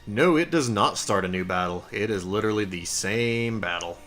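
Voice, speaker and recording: A man's voice: on the low side, normal speed, fairly bright tone. A young man casually commenting on his gameplay and explaining game mechanics. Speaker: let's play host. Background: game music.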